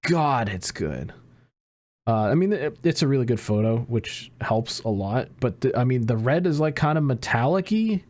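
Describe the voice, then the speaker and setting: A man's voice: medium pitch, very animated, normal speed, darkish tone. A man on a casual podcast, talking loose and profane, ranting with bursts of rising energy. His voice sits mid-range. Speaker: podcast co-host.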